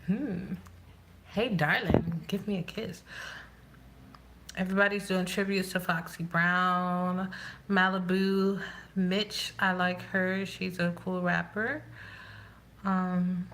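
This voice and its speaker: A woman vlogger chatting casually to herself as she does her makeup, rambling and thinking out loud. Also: fairly low pitch, steady tone, takes it slowly, long pauses, slight background noise. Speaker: beauty vlogger. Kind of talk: casual chat while doing makeup.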